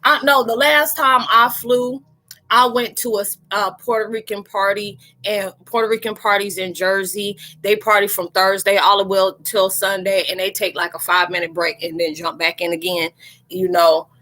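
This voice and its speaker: A woman's voice: medium pitch, little pitch movement, moderate pace, bright, forceful tone. A woman hosting a live chat, joking around playfully and talking straight to her viewers in slangy, casual speech.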